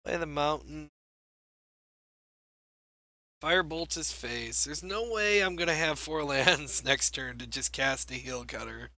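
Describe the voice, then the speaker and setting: A man's voice: fairly high pitch, normal speed, sharp tone, no echo. A young man giving wry, self-mocking commentary on a card game match as he plays, thinking aloud. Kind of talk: gameplay commentary.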